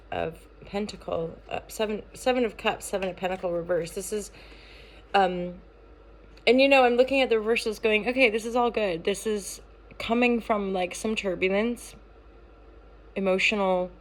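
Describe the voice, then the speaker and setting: A woman giving a casual daily tarot reading, talking in a playful, rambling way with many fillers and restarts. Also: mid-range voice. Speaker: tarot reader and channel founder.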